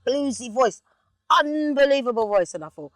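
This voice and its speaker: Animated London woman in a car. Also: sits high, moderate pace, no echo. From England. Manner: animated storyteller, sings snippets. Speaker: singer, interview guest. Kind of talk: relaxed casual chat. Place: inside a car.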